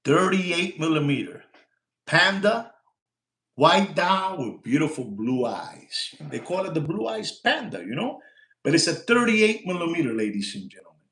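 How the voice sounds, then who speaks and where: Brash bilingual watch dealer, echoey room. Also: male voice, fairly high pitch, very animated. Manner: brash, rapid switching between English and Spanish slang; repeats lines and shouts for likes. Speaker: watch dealer hosting a live stream. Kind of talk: casual live-stream sales talk.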